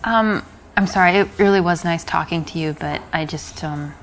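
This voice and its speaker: A woman's voice: on the low side, moderate pace, slight background noise, natural voice, rough recording. A woman playing a poised young woman who turns down advances in a dry, polite, unimpressed way. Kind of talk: game dialogue acting.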